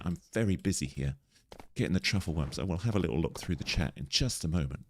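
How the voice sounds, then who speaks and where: A man live-streaming a game, chatty and playful, talking through what he is doing. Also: deep voice. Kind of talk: casual live-stream chat while gaming.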